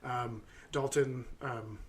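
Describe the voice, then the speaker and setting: A man in his thirties from the US, co-hosting a podcast, tells stories casually and rambles with lots of filler words. He speaks slowly in a medium-pitched voice with fairly even intonation.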